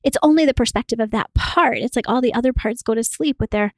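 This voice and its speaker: Laughing, higher-voiced woman podcaster. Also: fast, dry recording. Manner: laughs often while talking, animated. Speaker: podcast co-host. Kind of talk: casual podcast conversation.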